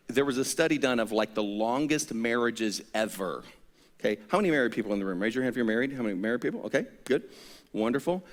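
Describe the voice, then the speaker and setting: Animated male pastor in a reverberant church. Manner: animated storytelling, rising to high-pitched exasperation when acting out the story. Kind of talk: sermon. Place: church sanctuary. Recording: church hall with long reverb.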